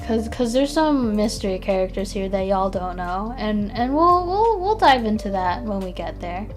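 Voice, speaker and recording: A woman's voice: medium pitch, very animated, normal speed, faint music behind. A tired woman streaming casually, chatting and mumbling to herself as she works, with a self-deprecating manner. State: tired, yawning. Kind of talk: casual live-stream chat.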